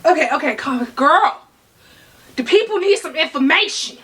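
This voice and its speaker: A woman vlogging an unboxing, chatty and full of slang, excitedly talking to herself and her viewers, breaking into laughs and whispers. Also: sits high, moderate pace. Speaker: fashion vlogger.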